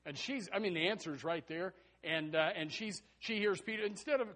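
A man preaching a sermon in a folksy, animated way, full of rhetorical questions and chuckling asides. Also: high-pitched, moderate pace.

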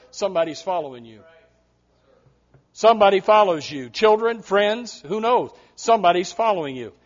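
Emphatic preacher man, high voice, muffled. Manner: emphatic, swings between loud and hushed. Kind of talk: sermon. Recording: muffled lo-fi sound.

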